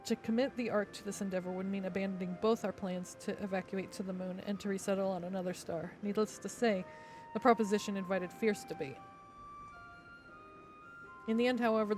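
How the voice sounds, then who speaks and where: A woman voicing a solemn, formal council elder, reading game dialogue in measured, old-fashioned phrasing with faint music behind. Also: mid-range voice, a little mellow, natural voice.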